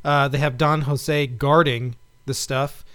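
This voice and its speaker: Halting man with a dry sound. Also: mid-range voice, fairly even intonation, fairly bright tone, clear, resonant tone, dry recording. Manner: halting, many fillers and restarts. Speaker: podcast co-host. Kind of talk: casual chat.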